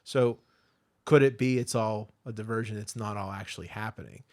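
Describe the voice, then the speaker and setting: A man's voice: lowish voice, steady tone, normal speed, darkish tone. A man co-hosting a podcast in casual chat, asking questions with hesitant restarts. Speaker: podcast co-host.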